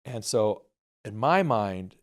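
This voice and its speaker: A man talking candidly as a guest filmmaker, telling a personal story and quoting friends in softer voices. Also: lowish voice, big pitch swings, slow. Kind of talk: storytelling conversation.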